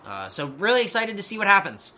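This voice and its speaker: A man's voice: sits high, big pitch swings, fast talker, pushed and bright. A man co-hosting a casual wrestling podcast, sarcastic and swearing, mocking the shows with impressions. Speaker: podcast co-host.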